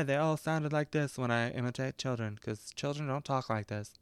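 Rambling young man with a clear, dry voice. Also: moderate pace, dry recording. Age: 20s. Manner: rambling and self-mocking, often breaks into squeaky high put-on voices. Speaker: podcast host reviewing a movie. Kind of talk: casual rambling commentary.

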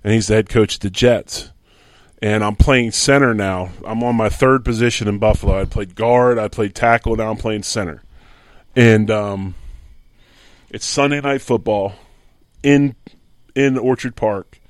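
A man's voice: on the low side, unhurried, no echo. A middle-aged man from Philadelphia, a former football lineman, telling a story as a guest and acting out the dialogue. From Philadelphia, USA. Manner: animated storyteller who acts out quoted dialogue. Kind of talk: casual anecdotal storytelling.

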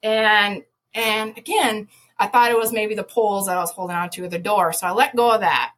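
A woman, a podcast guest, telling an animated story with lots of laughter, sudden loud shouted quotes and many restarts. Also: medium pitch, fairly quick. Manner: lively, laughing, jumps to loud shouts when quoting herself.

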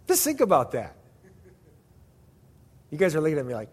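A man's voice: fairly high pitch, wildly swooping pitch, normal speed, long pauses, husky, big-room sound. A man preaching a sermon, emphatic and story-driven, asking the crowd rhetorical questions. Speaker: pastor.

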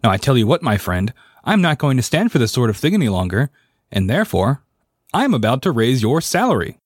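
A man's voice: mid-range voice, big pitch swings, brisk, dry recording, clean studio sound. A man playing an elderly reformed miser, exuberant and generous, in a dramatic story reading. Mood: mock-stern. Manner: exuberant, swooping delivery with mock-stern turns.

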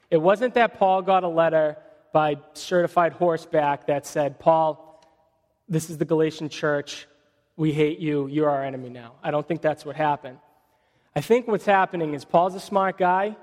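Guy pastor preaching, chatty sermon style, slightly high voice, big church echo. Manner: conversational preaching with food metaphors, dramatic scripture reading.

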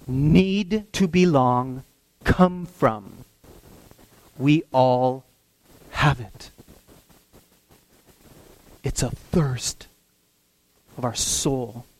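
A man preaching a sermon, telling stories in an animated way and acting out the voices of the people in them. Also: on the high side, no echo. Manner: animated storytelling, acts out voices. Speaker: pastor.

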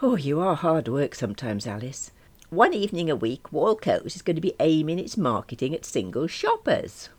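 A woman voicing a pushy, excitable female friend who talks in bossy, high exclamations in a storybook reading. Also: moderate pace, husky, heavily acted. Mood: exasperated.

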